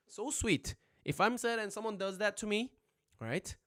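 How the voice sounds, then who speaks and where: A young man teaching a casual livestream language lesson, chatty and animated, always checking in with his viewers. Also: high-pitched, a little slow.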